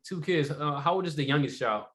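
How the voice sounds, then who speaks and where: Higher-voiced man coaching casually. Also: animated, a little fast, a bit bright. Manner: conversational, rhetorical questions, many "you know" fillers. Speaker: sales trainer. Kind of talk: casual sales training talk.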